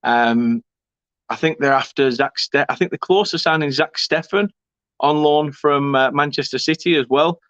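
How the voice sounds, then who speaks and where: A man's voice: fairly high pitch, normal speed, fairly bright tone, dry recording, muffled recording. A young man hosting a football fan live stream, reading out comments with banter and swearing. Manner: chatty, banter-filled, swearing, laughing asides. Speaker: fan channel host.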